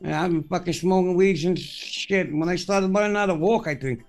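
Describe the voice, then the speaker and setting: This is a man hosting a casual podcast, with a fairly high voice. He talks in a loose, rambling way, full of cursing and tangents. Faint music plays behind him. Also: normal speed. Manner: profane, rambling storyteller. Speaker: podcast host. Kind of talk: casual chat.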